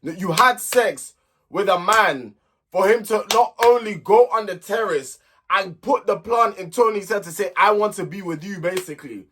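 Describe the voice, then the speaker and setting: A man's voice: high-pitched, animated, unhurried, sharp tone, slight background noise. A young man hosting a reality TV recap channel, giving blunt, exasperated opinions in casual commentary.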